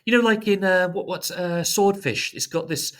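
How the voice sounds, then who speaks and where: A man who is a guest on a tech podcast, talking in a casual, animated way and making sarcastic jokes. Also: high voice, moderate pace. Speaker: podcast guest, software engineer.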